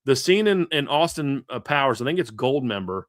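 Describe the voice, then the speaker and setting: A man in his thirties hosting a sports podcast, rambling through stories with plenty of fillers and false starts. His voice sits at an ordinary middle pitch, recorded close and dry with no room sound. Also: normal speed, no echo. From grew up a Reds fan in the American Midwest. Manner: animated storyteller, frequent restarts and fillers. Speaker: podcast host. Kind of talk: casual sports podcast chat.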